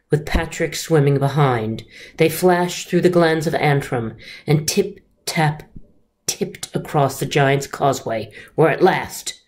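A teacher reading a children's story aloud in an expressive, unhurried way. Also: female voice, low-pitched, breathy edge.

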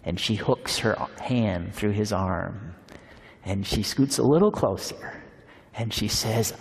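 A man giving a sermon at a seminar, telling stories and slowing down on key phrases. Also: medium pitch, animated. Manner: warm storytelling, slows for emphasis. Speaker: speaker at a Christian seminar. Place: large hall. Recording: long hall reverb.

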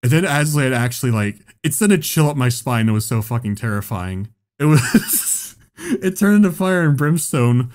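A man on a podcast telling a story in a casual, profane, animated way and laughing as he goes. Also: mid-range voice, moderate pace. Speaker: podcast host.

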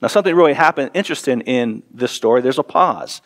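A man in his forties, a pastor preaching a sermon, earnest and repeating words for emphasis, dropping soft and low in tender passages. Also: animated, quick pace.

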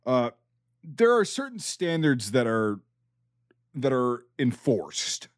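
A man's voice: medium pitch, very animated, takes it slowly, dry recording, studio quality. A podcast host talking about his army service and a film in a blunt, profane, sarcastic way. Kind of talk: casual podcast chat.

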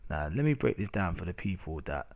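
Brisk and sing-song, this young man's low, darkish voice carries a London accent as he rants about his gameplay footage. The talk is casual, loaded with slang, and he keeps saying "innit".

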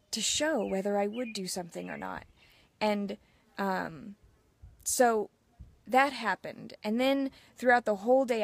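A woman's voice: mid-range voice, dry recording. A woman in her thirties, a mothers' mentor, telling personal stories in a casual live chat, earnest and open. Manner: earnest, open, tells personal stories with quoted inner voices.

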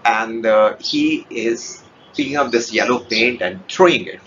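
A man teaching a memory technique, explaining slowly and stopping often with filler sounds. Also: mid-range voice, a bit bright. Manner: hesitant, many pauses and filler sounds. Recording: dull lo-fi sound with faint hiss.

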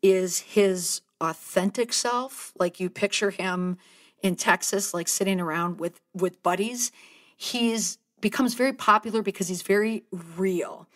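A woman's voice: mid-range voice, a little slow, a bit bright. Heartfelt woman hosting a podcast. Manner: heartfelt, conversational, choking up at times. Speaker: podcast host and communications speaker. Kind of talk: solo podcast commentary.

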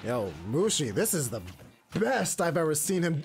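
A man giving casual, excitable play-by-play commentary on a game tournament from his home stream. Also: a little high, measured pace, gravelly, soft background music. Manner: excitable, casual gamer slang. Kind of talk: live esports play-by-play commentary.

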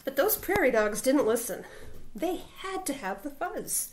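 A woman teacher reading a picture book aloud to her school, expressive, with dramatic sound words. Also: high-pitched, a little slow, slight background noise.

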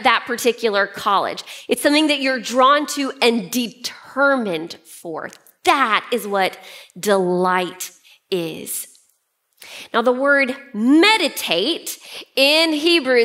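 A woman pastor giving a sermon in a lively, playful teaching manner, acting out examples as she goes. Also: on the high side.

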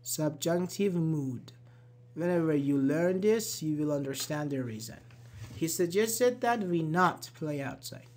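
An online English teacher giving a live grammar lesson, slowly repeating example sentences and answering chat. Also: mid-range voice, expressive. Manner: slow, repeats examples, apologizes and laughs at own slips.

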